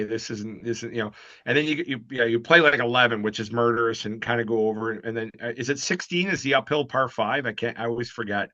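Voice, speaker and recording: Man rambling thru a story, keeps restarting, bright edgy voice, kinda dull lo-fi audio. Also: mid-range voice, no echo. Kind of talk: casual interview chat. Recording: dull lo-fi recording.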